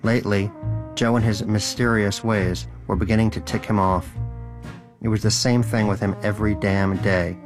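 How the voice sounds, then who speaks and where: A man's voice: on the low side, steady tone, moderate pace, music in the background. A man narrating a comic story in a dry, wry storytelling manner. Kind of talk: audiobook narration.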